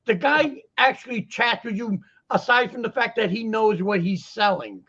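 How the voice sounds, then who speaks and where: Joking Boston-accented man, high voice. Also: moderate pace, breathy edge, muffled recording. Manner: joking, animated storyteller. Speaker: guest vendor. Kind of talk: casual chat. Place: lives in Florida.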